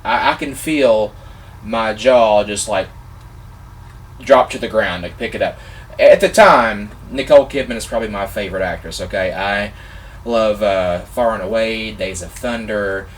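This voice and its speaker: A man vlogger telling a personal story in a casual, excitable, animated way, gushing like a fan. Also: on the low side, normal speed, recorded from a distance, slight background noise.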